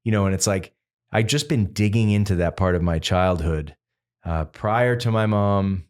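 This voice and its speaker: Deep-voiced man rambling through stories. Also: moderate pace, clean tone. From Massachusetts. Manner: rambling, animated storytelling full of fillers. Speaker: singer-songwriter guest. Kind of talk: casual interview chat.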